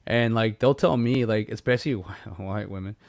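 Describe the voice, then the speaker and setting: Podcast co-host, male, brisk gravelly delivery, lively anecdotal storyteller, dry close sound. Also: fairly low pitch, no room sound. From Mexico. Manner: animated storyteller, acts out voices, laughs a lot. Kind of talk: casual chat, storytelling.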